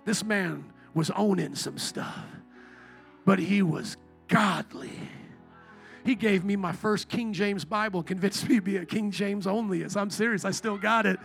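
A man preaching a sermon to a congregation, telling stories with joking asides, calling for responses and shouting at the peaks of praise. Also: sits high, creaky. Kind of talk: sermon with storytelling. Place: church before a congregation.

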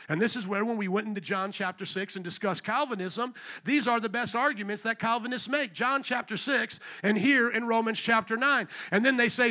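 A male pastor preaching a sermon in church, emphatic, calling out to the congregation for amens and slowing down to stress key words. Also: sits high, pushed and bright.

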